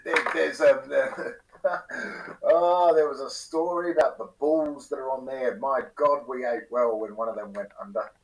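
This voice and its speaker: A male player in a tabletop game, heard from some distance off the mic. He speaks slowly, tossing off chatty, joking in-character replies. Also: mid-range voice, steady tone, slight background noise.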